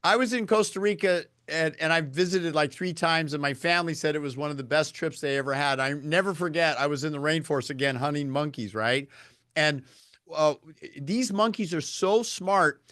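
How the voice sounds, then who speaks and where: A man with a notably high voice, captured close and dry with almost no room sound. He is an eager storyteller who slips into lecturing about nutrition, talking casually as a podcast guest. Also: normal speed, a bit bright, dry recording. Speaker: podcast guest, health and longevity speaker. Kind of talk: casual conversation.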